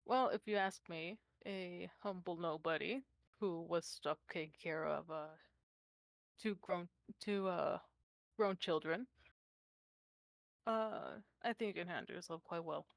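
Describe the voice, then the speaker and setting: A woman's voice: lowish voice, unhurried, gravelly, no echo. A woman voicing a blunt, world-weary female ex-mercenary who swears offhandedly. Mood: dry.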